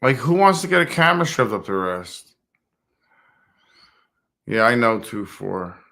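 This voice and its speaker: This fifties-aged man, a motovlogger streaming to viewers, has a gravelly, sharp-toned voice of medium pitch with big swings, delivered at a measured pace. He rambles and swears in casual livestream chat, putting on a raised voice to mimic others.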